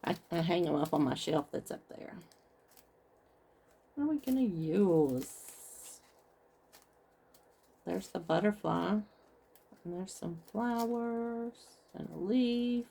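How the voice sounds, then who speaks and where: Mellow, low-voiced woman crafting on camera. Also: lively intonation, slow pace, creaky, long pauses, slightly rough. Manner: chatty, talks through each step to viewers. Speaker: craft vlogger. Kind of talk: casual craft tutorial chat.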